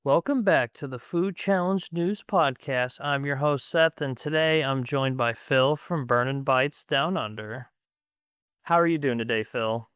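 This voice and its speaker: Male interviewer, smooth and clear, measured questions, dry room. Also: mid-range voice, a bit bright, no echo. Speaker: podcast host. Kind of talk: interview hosting.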